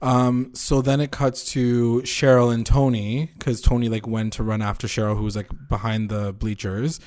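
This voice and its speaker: A man's voice: medium pitch, level tone, moderate pace, darkish tone. Male co-host for a casual TV recap chat, playful, acts out lines in jokey voices. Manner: playful, recounts scenes in mock character voices.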